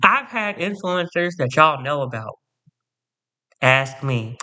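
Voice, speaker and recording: Male vlogger, sassy and dramatic storytime ranter, bright forceful voice. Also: medium pitch, expressive, measured pace. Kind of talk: storytime rant to camera.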